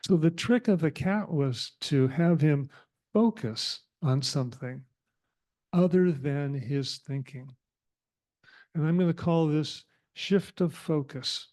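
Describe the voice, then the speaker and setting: A man giving a reflective sermon to a spiritual community, speaking with thoughtful pauses. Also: on the high side, warm tone.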